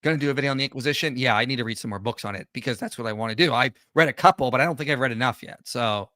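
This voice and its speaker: A man hosting casual commentary on a video, sarcastic and animated. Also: medium pitch, rapid-fire, no echo, studio quality. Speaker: channel host.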